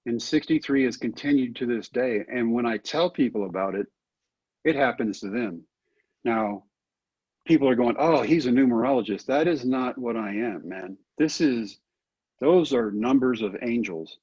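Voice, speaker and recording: A man's voice: mid-range voice, lively intonation, moderate pace, a little mellow, slightly rough, dry recording, dull audio. A middle-aged man telling stories earnestly in a folksy, conversational way as an interview guest. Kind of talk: storytelling interview answer.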